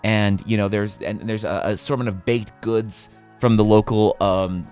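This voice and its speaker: A man's voice: on the low side, fairly even intonation, darkish tone, smooth, soft background music, pitched below the performer's own voice, natural voice. A man doing a humble, kind village leader. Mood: grateful. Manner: earnest, apologetic, halting.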